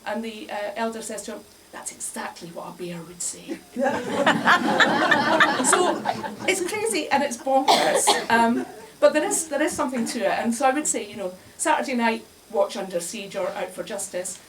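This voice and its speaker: A woman's voice: on the high side, lively intonation, moderate pace, a loud crowd. A woman giving a comic talk to a live bar audience, wry and chatty, often laughing at her own jokes. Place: bar, indoors, in front of an audience. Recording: distant mic with faint room noise.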